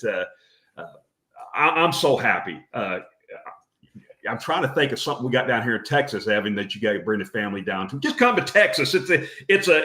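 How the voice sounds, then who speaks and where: A man hosting a casual chat, rambling and restarting often as he talks. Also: mid-range voice. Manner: rambling, warm-hearted with many restarts. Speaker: podcast host. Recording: roomy echo.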